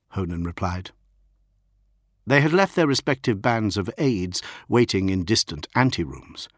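A man reading a science fiction audiobook in a measured, dramatic way. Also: lowish voice, sing-song, no echo, clean studio sound. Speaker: audiobook narrator. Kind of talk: scripted narration of science fiction.

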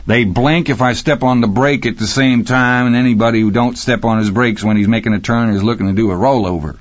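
Man putting on a high yelping voice, crude rowdy drunk, cackling, audiobook figure, dry muffled recording. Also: steady tone, a little fast, dry recording, close to an everyday voice.

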